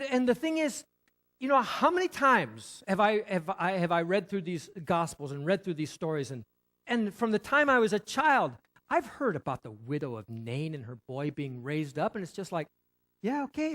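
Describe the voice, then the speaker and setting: A man's voice: sits high, very animated, normal speed, a bit bright. A male pastor preaching a sermon in a conversational way, with rhetorical questions, repetition and frequent restarts.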